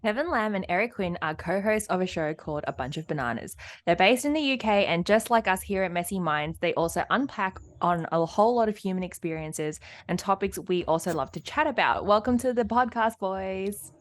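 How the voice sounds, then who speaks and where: A woman's voice: mid-range voice, lively intonation, fairly quick, few pauses. A woman, co-hosting a podcast, playful and chatty. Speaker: podcast co-host. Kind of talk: podcast chat.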